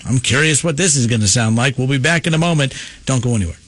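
A man hosting a sports radio show, running through segments in a brisk conversational way with frequent fillers. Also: mid-range voice, a bit bright.

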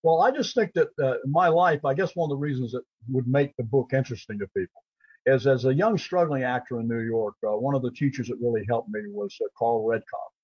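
A man's voice: medium pitch, fairly quick, slightly rough, no room sound. An older man, a character actor, telling rambling anecdotes on a radio show and acting out the voices of people he met. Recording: dull lo-fi line.

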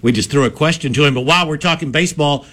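A man's voice: on the high side, racing, a bit bright. A man hosting a local sports radio show, talking in a jovial, self-deprecating way and throwing questions to his guest.

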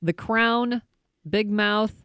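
A man's voice: high-pitched, drawn-out words, bright, forceful tone, smooth, no room sound. A man in a casual chat, reading out a list in a matter-of-fact way.

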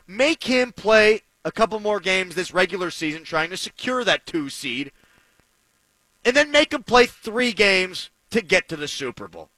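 A man's voice: high-pitched, bright, forceful tone, no echo, rough recording. A man giving heated, sarcastic sports commentary, ranting with fired-up energy.

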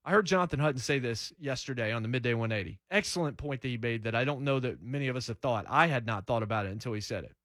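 A man's voice: mid-range voice, lively intonation, fast talker, few pauses, a bit bright, dry recording, studio quality. Blunt sports radio host, man. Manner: blunt, emphatic, rhetorical questions. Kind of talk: opinionated sports talk radio monologue.

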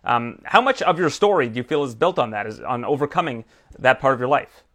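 Casting: male interviewer, brisk pace, chatty and probing. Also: medium pitch, expressive, fairly bright tone. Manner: fast, probing, with fillers. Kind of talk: interview questions.

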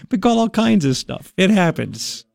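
A man's voice: sits high, creaky, a little mellow, dry recording. A man hosting a talk radio show, ranting bluntly and with exasperation in studio commentary.

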